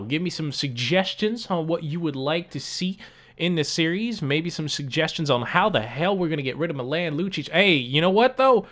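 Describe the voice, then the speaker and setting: A man's voice: on the high side, fairly bright tone. A young man giving casual gameplay commentary as a gaming YouTuber, frustrated and swearing, repeating himself with lots of fillers.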